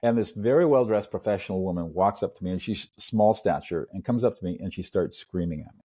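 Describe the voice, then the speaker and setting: Husky low-voiced man telling stories. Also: quick pace. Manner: earnest, animated storyteller who acts out little scenes. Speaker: peacemaker and mediator, podcast guest. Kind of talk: storytelling interview talk.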